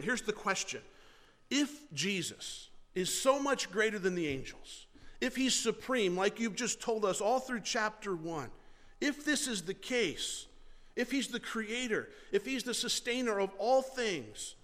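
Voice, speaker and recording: Male pastor with a high voice, earnest and chatty from the pulpit, recorded in a reverberant church hall. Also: expressive, unhurried, a bit bright. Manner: earnest, conversational preaching with rhetorical questions. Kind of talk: sermon.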